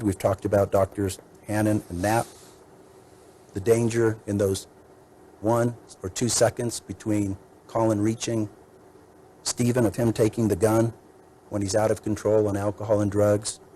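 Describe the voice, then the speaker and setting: A man as defense attorney giving a measured, methodical courtroom mitigation argument, laying out point after point. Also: on the low side, little pitch movement, dark tone, a little hiss or hum, low-quality recording.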